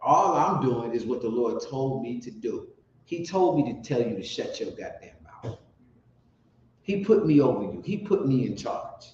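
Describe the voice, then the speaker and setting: Fired-up, cussing street preacher; expressive, higher male voice in a very echoey, lo-fi room. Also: normal speed. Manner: profane, fiery, swings from mutters to shouts. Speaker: street preacher teaching scripture. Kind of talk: street sermon with scripture reading. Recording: roomy dull lo-fi recording with faint noise.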